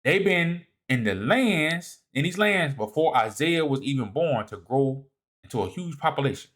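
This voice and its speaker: Man lecturing from slides, halting and emphatic. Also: lively intonation, a bit bright. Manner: repeats and restarts words, asks "all right?" often; swings from emphatic rises to low muttering asides. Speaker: presenter of a video series. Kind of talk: lecture walking through slides.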